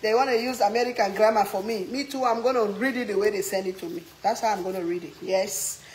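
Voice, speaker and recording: A woman's voice: mid-range voice, fast, a little mellow, slight background noise, rough recording. Playful African woman cooking and chatting. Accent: African English. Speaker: cooking vlog host. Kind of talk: casual cooking chat while reading viewer comments.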